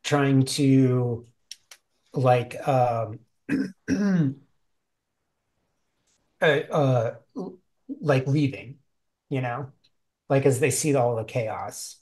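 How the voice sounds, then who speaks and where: A man with a mid-range, darkish voice narrates as game master of a tabletop game. His delivery is halting, full of fillers and restarts.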